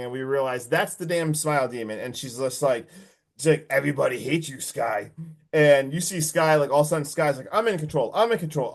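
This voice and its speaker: A man casually recapping a horror movie on a podcast, animated and full of swearing, acting out the characters' lines. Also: on the high side. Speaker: podcast co-host.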